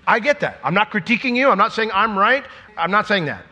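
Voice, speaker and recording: A middle-aged man preaching a sermon, lively and joking, acting out imagined conversations before dropping to a quieter, earnest tone. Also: high-pitched, a little fast, in a large hall, muffled recording. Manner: animated, jokey, acts out imagined dialogue.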